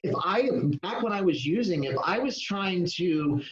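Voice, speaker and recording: A man speaking as a guest on a podcast, in a halting way that often breaks off. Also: sits high, lively intonation, a little hiss or hum. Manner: halting, self-interrupting. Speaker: guest in recovery. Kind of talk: podcast interview. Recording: echoey room, dull lo-fi sound.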